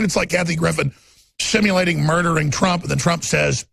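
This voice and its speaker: A man's voice: fairly high pitch, fairly even intonation, brisk, creaky, a bit bright, slightly rough, no echo. A man hosting a talk radio show, ranting in a fiery monologue. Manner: ranting, mocks opponents in put-on voices.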